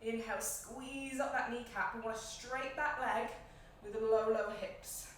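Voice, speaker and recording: A woman leading a home yoga class, giving calm, encouraging cues in time with the breath, a little out of breath. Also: a little high, a little slow, slight background noise. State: slightly out of breath. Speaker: yoga instructor. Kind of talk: guided yoga class instruction. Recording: echoey room, mic at a distance.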